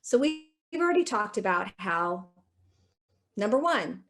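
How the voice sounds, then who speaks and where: A woman's voice: mid-range voice, big pitch swings, unhurried, fairly bright tone. Young woman lawyer, informal lecture, conversational and direct, keeps asking the room if they follow. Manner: chatty, keeps checking in with "okay?"; acts out dialogues with police. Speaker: attorney giving a public lecture.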